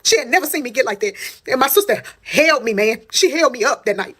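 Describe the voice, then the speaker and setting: A woman's voice: a little high, lively intonation, brisk, a bit bright, breathy edge. A woman telling a personal story in casual storytime style. She talks straight to her viewers, swears freely and repeats phrases for emphasis.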